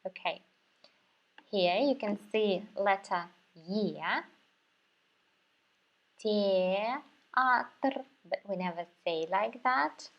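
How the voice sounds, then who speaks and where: A woman's voice: medium pitch, slow pace, highs cut off. A woman with a Russian accent teaching a language lesson, patiently repeating words for learners. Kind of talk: slow, careful language lesson.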